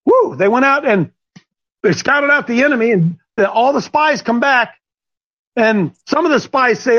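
A high-pitched man leads a group Bible discussion with animated energy, now and then breaking into strained, crying voices as he acts out characters. The recording sounds dull and lo-fi. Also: normal speed. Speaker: Bible study leader, called coach.

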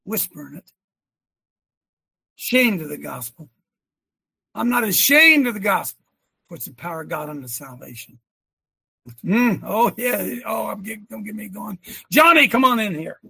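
Animated gravelly man preaching. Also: sits high, moderate pace, long pauses, dry recording. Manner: animated, exclaims and quotes scripture. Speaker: leader of a men's prayer gathering. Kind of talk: preachy casual chat.

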